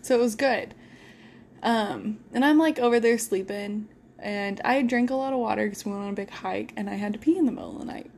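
A young woman telling animated, laughing stories in a casual podcast chat. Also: mid-range voice, fairly quick, vocal fry, slight background noise. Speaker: podcast co-host.

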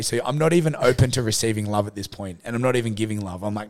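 Casting: male podcast host, rapid chatty storyteller, animated and profane. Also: mid-range voice. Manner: animated, swearing, mimics his own thoughts. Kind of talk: casual storytelling chat.

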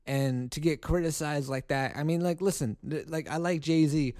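A man hosts his own podcast and rants in a heated, profane way, often stopping and restarting his sentences. His voice is mellow and dark. The sound is close and dry, with no room around it. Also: on the high side, moderate pace, no echo. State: angry. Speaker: podcast host. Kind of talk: solo podcast commentary.

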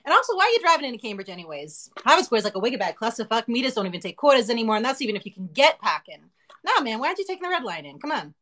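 A woman with a Boston accent co-hosts a casual live chat show. Her voice sits a little high, and she talks in a playful, animated way, trading quick jokes and often restarting her sentences. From Boston area. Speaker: co-host.

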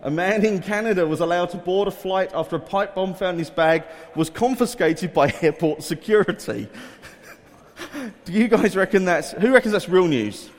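A man's voice: high voice, lively intonation, normal speed. A man leading a quiz for children in a school hall, coaxing volunteers and reading headlines aloud in an upbeat way. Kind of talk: addressing a room of children. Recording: echoey hall reverb.

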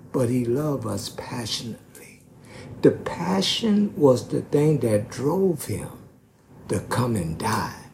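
A man preaching a sermon slowly and emphatically, stretching out key words. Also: mid-range voice, vocal fry, darkish tone, a little hiss or hum.

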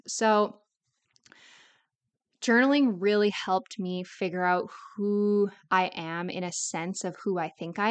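A woman's voice: medium pitch, smooth. A young adult woman hosting a solo podcast, talking in a candid, confessional way with casual rambling and lots of "like" fillers. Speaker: podcast host.

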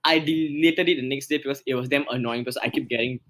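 A man's voice: medium pitch, fairly even intonation, fast talker, fairly bright tone. A young Singaporean man chatting casually on a podcast, rambling in a laid-back way.

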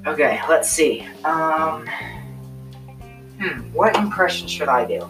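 A man's voice: fairly high pitch, animated, slow pace, fairly bright tone. A young man co-hosting a casual chat, giggly and rambling, recorded from a distance with faint guitar music behind. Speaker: co-host.

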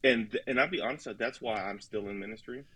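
A man's voice: mid-range voice, fairly quick, sharp tone, husky, dry recording, poor audio. A man in casual podcast talk about ministry, earnest and folksy, acting out little dialogues. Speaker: ministry leader guest.

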